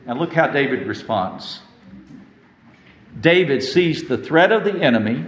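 A man's voice: medium pitch, lively intonation, measured pace, pauses often. A man preaching a sermon, reading scripture and retelling it with dramatic emphasis. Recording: echoey room.

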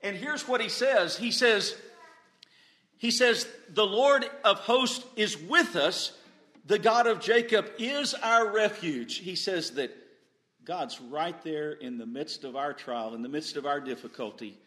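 A man preaching a sermon at a slow, deliberate pace in a slightly high voice. He surges to loud emphatic peaks and then sinks to low, quiet asides, stumbling into repeated restarts. The room rings with echo. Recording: echoey room.

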